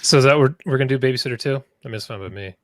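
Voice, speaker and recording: An easygoing man co-hosting a horror podcast, passing along recommendations in a relaxed way. His mid-pitched voice is recorded dry and close. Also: racing, dry recording. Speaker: podcast co-host. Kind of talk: casual horror podcast chat.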